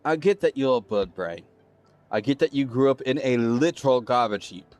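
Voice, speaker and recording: A man playing a sly, exasperated male cook with blocky teeth who scolds in drawn-out, scathing lines in a tabletop game. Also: medium pitch, lightly acted. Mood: exasperated scolding. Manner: scathing, drawn-out scolding turning quietly threatening.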